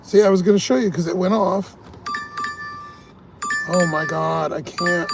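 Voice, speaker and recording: A man's voice: high-pitched, a little slow, gravelly, long pauses, over music. A man working as a food delivery driver, venting and swearing in frustration on a live stream from inside his car. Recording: car ambience noise.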